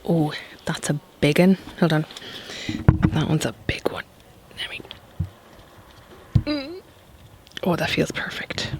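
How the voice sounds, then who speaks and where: A woman's voice: deep voice, very animated, slow, long pauses, in a whisper, rough recording. A woman chats to camera in a rambling way as she works in her back garden, with many fillers. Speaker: gardening vlogger. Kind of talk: casual chat to camera. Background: faint outdoor noise.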